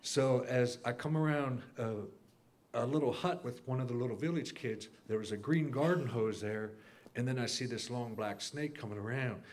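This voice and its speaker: A man's voice: medium pitch, normal speed, a little mellow. Man retelling a dream to a class. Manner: storytelling, acts out quoted lines, clears throat often. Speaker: class member sharing a dream. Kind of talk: recounting a dream.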